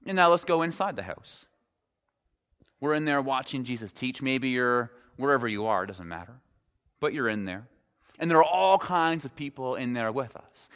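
A male pastor preaching a sermon, telling the story in a relaxed, conversational way and dropping wry jokes along the way. His mid-pitched voice rings out with a long reverb through a church sanctuary. The recording sounds dull and lo-fi. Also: normal speed. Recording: echoey hall, dull lo-fi sound.

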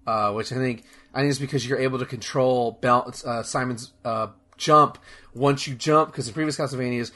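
A man's voice: medium pitch, steady tone, normal speed, bright, forceful tone. A young man chatting casually as a podcast host, rambling and enthusiastic, with lots of fillers, restarts and swearing. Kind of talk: casual chat.

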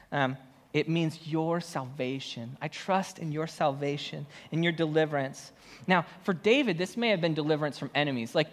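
Laid-back male pastor, slightly high voice, slangy sermon, echoing hall. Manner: conversational, slangy, many fillers. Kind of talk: casual sermon. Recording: long hall reverb.

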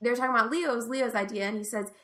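A podcast co-host with a high-ish, bright, pushed voice talks fast with fairly even intonation. She recaps a TV episode casually and enthusiastically, retelling favorite scenes and laughing often.

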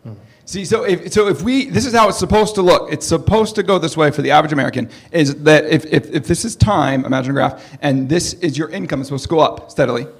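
High, husky man preaching casually. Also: quick pace. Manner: joking, conversational, asks the audience questions. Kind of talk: sermon.

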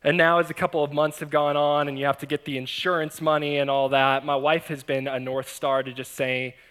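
Bright high-voiced pastor telling a funny story. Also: male voice, fairly quick. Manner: animated, self-mocking, laughs often. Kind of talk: storytelling sermon.

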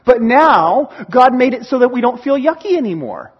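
A man's voice: extremely high pitch, big pitch swings, normal speed, breathy edge, dull audio. A male pastor preaching a conversational sermon, reading scripture and acting out short scenes.

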